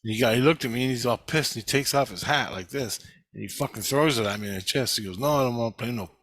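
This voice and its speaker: A vlogger rambles through a long monologue about his dreams, swearing a lot and acting out the lines people said. His mid-range voice is a bit bright and he talks fast, on a dry recording.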